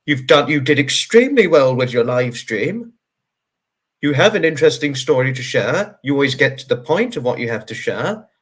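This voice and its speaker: A man's voice: medium pitch, big pitch swings, moderate pace, a bit bright, husky. Tired man chatting on a livestream. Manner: earnest and reassuring, rambling with many fillers. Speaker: livestream host. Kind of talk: casual livestream chat, answering viewer comments.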